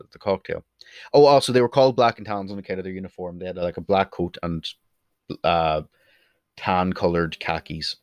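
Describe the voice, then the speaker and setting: Speaking in a fairly low voice with no room sound, a young Irish vlogger delivers a rambling, casual monologue that's blunt, sweary and prone to wandering off topic. He uses a desk mic but occasionally turns away from it.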